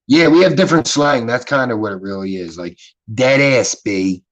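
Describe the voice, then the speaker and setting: A man's voice: medium pitch, big pitch swings, fast, muffled recording. A man with a Philadelphia accent hosting a casual livestream chat, rambling and swearing freely in a laid-back way. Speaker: livestream host.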